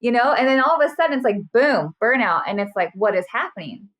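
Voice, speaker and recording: A woman's voice: a little high, fast talker. A woman in her thirties, a burnout specialist, talking earnestly and animatedly as a podcast guest. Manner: earnest, animated, acts out quotes. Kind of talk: casual interview chat.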